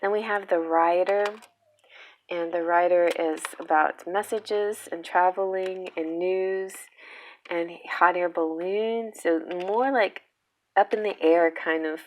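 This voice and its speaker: A woman's voice: lowish voice, steady tone, slow, slight background noise. A woman doing a casual pick-a-card tarot reading, chatty and playful, laughing often. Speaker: tarot reader.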